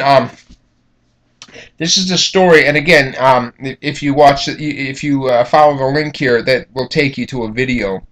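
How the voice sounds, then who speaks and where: A man's voice: a little high, fairly bright tone. A man giving a casual classroom lecture, with a conversational manner, many fillers, and frequent "okay?" check-ins.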